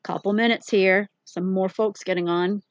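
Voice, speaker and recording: A woman voicing a gruff middle-aged male bus driver who growls his words through his teeth. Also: medium pitch, steady tone, moderate pace, no room sound, muffled recording, lightly acted. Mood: brusque.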